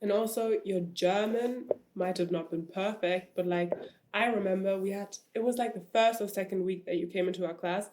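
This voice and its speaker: A woman's voice: medium pitch, fairly even intonation, moderate pace, background noise. A young woman, a former classmate, recalling school memories in a chatty, casual interview with plenty of fillers.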